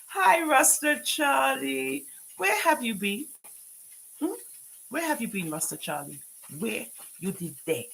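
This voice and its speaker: Husky Jamaican woman, animated scolding. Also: fairly high pitch, unhurried, poor audio. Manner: scolding, talks back to her live chat; mixes in patois phrases. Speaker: live streamer. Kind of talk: live-stream commentary.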